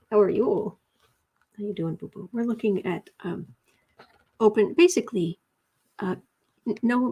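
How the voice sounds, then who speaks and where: A woman giving a casual tarot reading, chatty, breaking off now and then to coo and whisper softly to her cat. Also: fairly high pitch, gravelly, breathy edge. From United States. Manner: chatty, drops to soft coos and whispers talking to her cat. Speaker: tarot reader.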